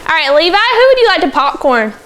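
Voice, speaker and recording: A woman teaching a second grade phonics lesson in a classroom, brisk and encouraging as she calls on pupils by name. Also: very high-pitched, sing-song, a bit bright, slight background noise. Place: classroom with children.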